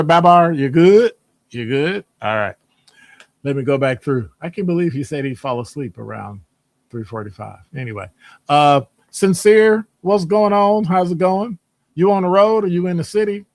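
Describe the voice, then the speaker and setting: A man's voice: mid-range voice, dry recording. Chatty man hosting a stream. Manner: greets chat viewers by name, lively rises. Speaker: host of a live stream show. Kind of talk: casual live-stream chat and commentary.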